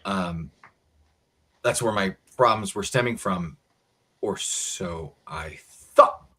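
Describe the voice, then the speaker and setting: An American man, co-host of a casual talk show, telling a story in a lively way and acting out the voices of the people in it. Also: deep voice, slow, breathy edge. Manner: animated storyteller acting out quotes.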